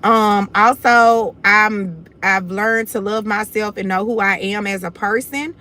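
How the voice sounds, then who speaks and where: On her own livestream, a young Houston woman speaks casually and bluntly, calling her audience "y'all" with confidence. The Southern Houston accent comes through in a mid-range voice that is bright and forceful, with fairly even intonation and a measured pace.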